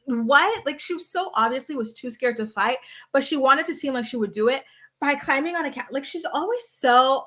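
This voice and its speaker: Woman host, animated and sassy reality TV recapper, somewhat high pitch. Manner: animated, sassy, quotes people in mocking voices.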